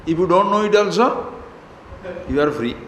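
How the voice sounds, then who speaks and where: A man's voice: high-pitched, lively intonation, moderate pace, fairly bright tone. Male spiritual teacher, emphatic, needling questions; roomy recording with faint hiss. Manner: playful and emphatic, prodding listeners with rhetorical questions. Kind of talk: spiritual discourse. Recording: echoey hall with faint noise.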